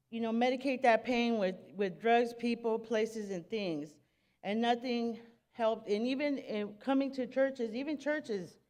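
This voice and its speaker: A woman stands up at a church service to share her testimony, nervous and halting, restarting her sentences. She talks in casual street slang, and her voice sits a little high. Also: a little mellow, in a large hall. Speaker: church member giving testimony.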